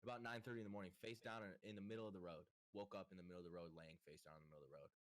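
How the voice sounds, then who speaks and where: Rambling low-voiced young man. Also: fairly even intonation, rapid-fire. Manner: rambling, stop-start with many restarts. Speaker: podcast host. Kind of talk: casual chat.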